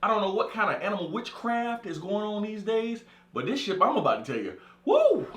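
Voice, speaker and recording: A Californian comedian performs a profane comic monologue, animatedly acting out the voices of the people in his story. His voice is high-pitched and fairly quick, in an echoey room.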